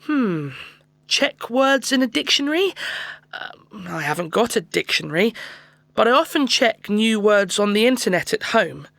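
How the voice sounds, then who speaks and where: A chatty schoolboy language learner in a textbook audio track. The voice sits fairly high, and the close, dry studio sound has almost no room echo. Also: female voice, moderate pace, gravelly, exaggerated voice. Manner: relaxed, chatty, laughs easily. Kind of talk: scripted textbook audio dialogue.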